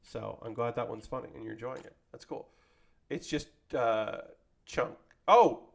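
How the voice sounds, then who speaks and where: A man's voice: medium pitch, a little slow, creaky. A man chatting casually with his live-stream audience while building a model kit, rambling and joking as he goes. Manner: rambling, animated, jokey, talks to chat.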